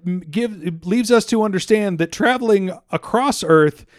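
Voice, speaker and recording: Young male co-host, slightly high voice, rambling casual chat, stumbles over words, laughs a lot, dry close sound. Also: measured pace, no room sound. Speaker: podcast co-host.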